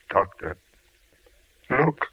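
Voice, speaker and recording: An actor playing an overwrought husband in 1940s radio acting style, emotional and pleading. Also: male voice. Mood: horrified. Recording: muffled old radio drama recording.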